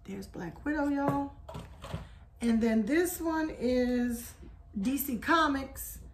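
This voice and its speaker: A woman's voice: high voice, slow, noisy background. A woman hosting a casual haul vlog, chatting to viewers and calling them y'all. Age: adult. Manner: chatty, addresses viewers as y'all, hums theme tunes. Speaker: haul video host.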